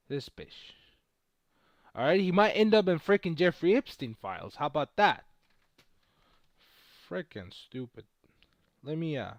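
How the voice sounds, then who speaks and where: A man's voice: on the high side, big pitch swings, moderate pace, pauses often, no room sound, highs cut off. A man chatting casually on a live stream while trading stocks, brash and boastful and swearing freely. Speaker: livestream host trading stocks.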